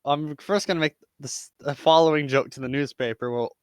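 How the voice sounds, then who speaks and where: A player describing their character's actions in a tabletop game in a relaxed way. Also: mid-range voice, a little fast, no echo, clean studio sound. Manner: relaxed, narrates own character. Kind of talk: tabletop role-play chat.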